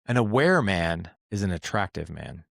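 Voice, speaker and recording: A man with a fairly low voice talks earnestly as a podcast guest, animated as he explains. He is recorded close and dry, with no room sound. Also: moderate pace, gravelly, no room sound. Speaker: podcast guest, dad coach. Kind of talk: casual interview talk.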